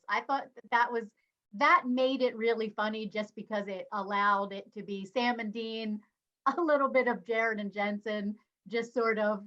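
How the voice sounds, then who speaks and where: A woman guest on an online panel weighs her points in a thoughtful, analytical way. Her voice sits at a middle pitch. The call audio comes through dull and lo-fi. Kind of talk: casual panel discussion.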